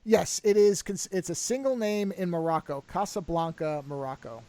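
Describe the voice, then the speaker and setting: A middle-aged man co-hosts a podcast, chatting casually and rambling with restarts and asides. His voice sits high and is expressive and mellow, at a normal speed, with no echo.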